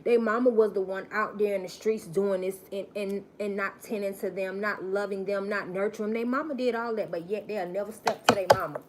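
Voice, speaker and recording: A woman's voice: mid-range voice, steady tone, fairly quick, hardly any pauses, noisy background. A woman giving a live-stream spiritual message, emphatic and preachy, repeating phrases for stress.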